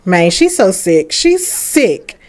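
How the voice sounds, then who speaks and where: Chatty, animated young woman gamer. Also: mid-range voice, slow pace. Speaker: gaming creator. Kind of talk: let's play commentary.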